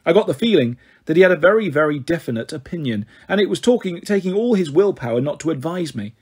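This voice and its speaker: A man narrating a first-person audiobook with steady, quick storytelling. His voice is husky and sits a little high for a man. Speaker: audiobook reader.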